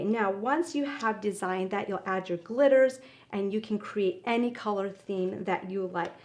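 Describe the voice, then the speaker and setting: A woman walks through a papercraft project step by step, speaking in an easygoing instructional way. She fills pauses with ums and corrects herself as she goes, sounding relaxed and practical. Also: medium pitch. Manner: friendly instructional, frequent ums. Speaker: craft demonstrator. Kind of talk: tutorial demonstration.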